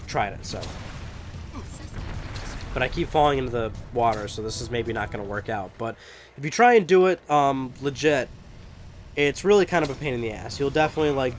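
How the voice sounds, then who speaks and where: A young man giving casual, rambling let's play commentary, swearing and laughing often. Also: mid-range voice. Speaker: gameplay commentator.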